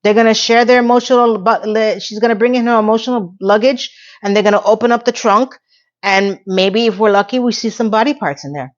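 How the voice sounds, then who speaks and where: A woman with a fairly high, brisk voice rambles through a casual TV recap vlog, sounding sarcastic and playfully exasperated. She's a YouTuber who recaps TV shows, and the audio is slightly dull and lo-fi.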